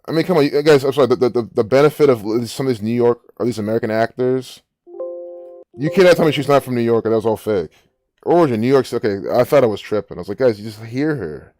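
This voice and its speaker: A man's voice: medium pitch, quick pace, a little mellow, no echo, studio quality, soft background music. A man hosting a casual commentary, rambling and musing aloud with frequent restarts. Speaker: gematria channel host.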